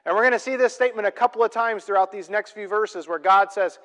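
A man preaching a sermon, emphatic and full of rhetorical questions, swinging between loud and soft. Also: sits high, fast, in a large hall. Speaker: pastor.

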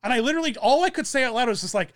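A man's voice: extremely high pitch, lively intonation, racing, no echo, clean studio sound. A young man telling a rambling story in casual chat, full of fillers and restarts. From German descent.

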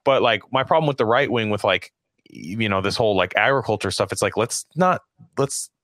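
A man's voice: lowish voice, fairly quick, fairly bright tone, no room sound, studio quality. A man co-hosting a podcast in casual political chat, rambling with many restarts, fillers and swearing. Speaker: podcast co-host.

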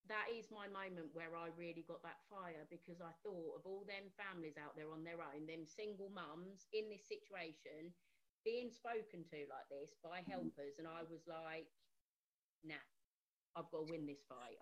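A woman's voice: deep voice, normal speed, dull audio. A woman in her thirties telling a personal story about her son and acting out the people she quotes. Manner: animated, acts out quoted voices. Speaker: parent guest.

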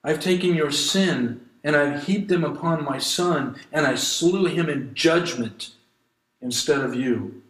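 Guy preaching, reads scripture, kinda high voice, lots of room echo. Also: takes it slowly, a bit bright. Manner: earnest, pleading preaching with scripture reading. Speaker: pastor. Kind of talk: sermon.

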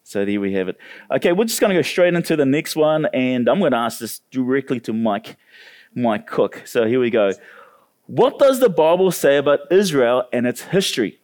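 Animated man telling a church story. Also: mid-range voice, moderate pace. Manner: animated, acts out quoted voices. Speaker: church panel host.

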